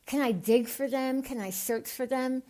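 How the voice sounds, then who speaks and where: Woman with a lisp, animated and earnest. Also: sits high, normal speed. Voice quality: unusual altered voice after tongue surgery. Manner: earnest, animated, gets excited. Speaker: podcast guest. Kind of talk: podcast interview.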